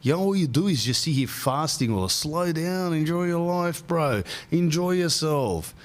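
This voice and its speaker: Man doing a mocking high-pitched girlfriend voice: pushy, teasing, nagging. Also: expressive, moderate pace, lightly acted. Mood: taunting.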